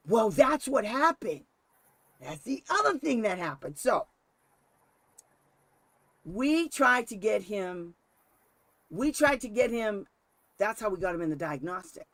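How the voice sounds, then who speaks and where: Animated man telling a story with laughs. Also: very high voice, normal speed, no echo. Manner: animated storyteller, laughs often, acts out quotes. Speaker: special education advocate and host. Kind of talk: casual storytelling chat.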